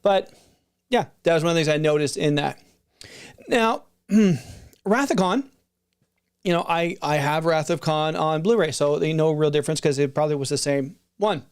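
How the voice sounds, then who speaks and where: Talking through film releases without a script, a middle-aged video creator meanders with many restarts and asides. The voice is clean and medium-pitched, at a moderate pace with long pauses.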